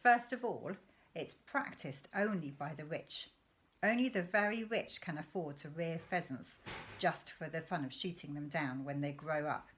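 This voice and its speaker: A woman's voice: deep voice, normal speed, a bit bright, slight background noise, voice pushed down. A woman reading aloud as a mischievous, conspiratorial middle-aged father in a storybook, with a relishing, confiding tone. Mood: scornful. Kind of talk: read-aloud storybook dialogue.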